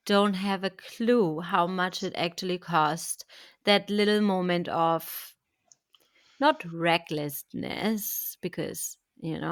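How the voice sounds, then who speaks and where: A woman's voice: lowish voice, dry recording, clean studio sound. A woman with a German accent hosting a podcast interview in a chatty, friendly way. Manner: chatty, thanking, laughs easily. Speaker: podcast host. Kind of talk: casual interview chat.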